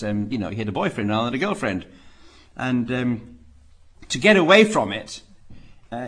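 A man preaching, telling stories dramatically and asking rhetorical questions, swinging between loud emphasis and quiet asides. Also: medium pitch. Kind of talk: preaching talk.

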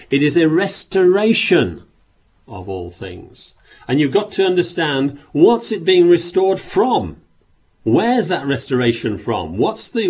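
A man's voice: medium pitch, a little mellow, husky. A man preaching a sermon, reading scripture aloud and pressing his points with rhetorical questions and repeated words.

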